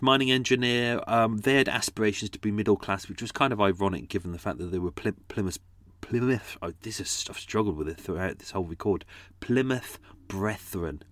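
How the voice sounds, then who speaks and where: A man's voice: lowish voice, fairly bright tone, no echo. A man talking casually about making his audio drama, rambling and correcting himself as he goes. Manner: rambling, self-correcting, chatty. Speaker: podcast creator. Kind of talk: casual behind-the-scenes commentary.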